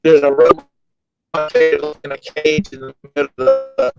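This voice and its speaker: A man co-hosting a live show, chatting casually over a video call, rambling through stories with frequent "uh" pauses. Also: fairly high pitch, sing-song, vocal fry, loud music behind the voice. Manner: easygoing storyteller, rambles with "uh" pauses. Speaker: co-host of a daily live show. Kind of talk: casual chat. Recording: dull lo-fi video call audio.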